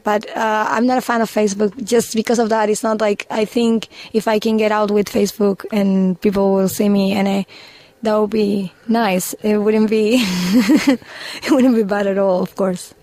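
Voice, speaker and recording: A woman's voice: mid-range voice, level tone, moderate pace, darkish tone, dry recording. A young woman from Chile with a Chilean Spanish accent, a musician chatting casually in an interview and leaning on "like" as a filler. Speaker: musician guest.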